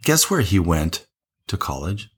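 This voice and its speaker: A man's voice: sits low, very animated, measured pace, breathy edge. A man co-hosting a casual wine tasting show, chatty and rambling, laughing often.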